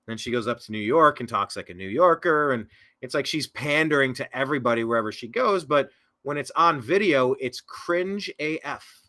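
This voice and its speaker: A male political talk show host with a bright, forceful voice. He rambles casually through viewer comments, and he keeps correcting himself with mocking sarcastic asides. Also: mid-range voice, expressive, a little fast.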